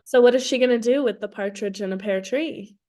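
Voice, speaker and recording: A woman co-hosting a comedy podcast, giving short, dry deadpan replies. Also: on the high side, fairly quick. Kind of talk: casual comedic chat.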